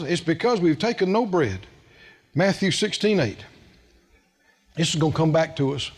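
Middle-aged male preacher, very high voice with swooping pitch, animated and questioning the crowd. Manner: animated, asks the congregation questions. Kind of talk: sermon with personal story.

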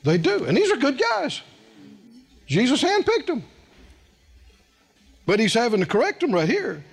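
A middle-aged man preaching a sermon and telling a personal story, animated and asking the congregation questions. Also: very high voice, unhurried, creaky, slightly rough.

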